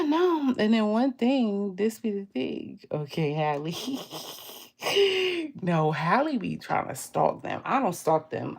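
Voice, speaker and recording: A young woman, chatting candidly to her viewers while doing her nails, laughing often and acting out what she said to others. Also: fairly low pitch. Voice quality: gravelly vocal fry. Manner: candid, laughing often, quotes herself in lively voices. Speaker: beauty vlogger. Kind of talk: casual storytime chat.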